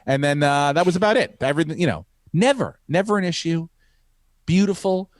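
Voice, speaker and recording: Brief: male comedian-host, slightly high voice, rambling profane storyteller, dry close sound. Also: brisk, no echo. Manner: rambling, profane, animated with acted-out quotes. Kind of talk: casual storytelling.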